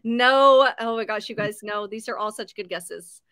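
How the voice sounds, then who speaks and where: A woman's voice: fairly high pitch, moderate pace, a bit bright, clear, resonant tone, dry recording, clean studio sound. A woman co-hosting a live show, chatty and encouraging as she quizzes viewers. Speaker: health segment co-host. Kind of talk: casual live-stream chat.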